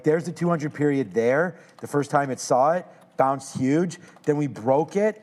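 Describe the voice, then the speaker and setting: A man's voice: medium pitch, darkish tone. A man co-hosting a live trading show, joking with his partner and then talking through stock chart levels in a loose, chatty way. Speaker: co-host and trader. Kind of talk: casual banter and market commentary.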